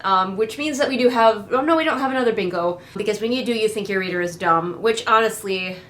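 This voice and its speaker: A woman's voice: mid-range voice, fast, a bit bright. Snarky nasal woman reviewing a book. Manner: sarcastic, snarky. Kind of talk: casual critique vlog. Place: home, sitting in a chair.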